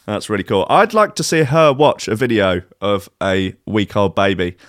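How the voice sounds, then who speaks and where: A man's voice: on the low side, very animated, a little slow, no room sound, clean studio sound. Sarcastic, swearing man. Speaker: host. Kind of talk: comedic rant on a streamed show.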